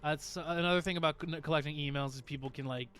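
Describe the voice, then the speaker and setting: A man's voice: on the high side, steady tone, fast talker, fairly bright tone, clean tone. A man streaming live, chatting casually and rambling to his viewers with frequent laughs.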